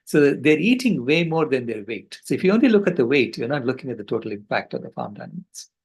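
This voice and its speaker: An older man on a video call, giving a passionate, earnest storytelling talk with halting restarts. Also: mid-range voice, wildly swooping pitch, gravelly, darkish tone, breathy edge, low-quality recording. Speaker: conference speaker.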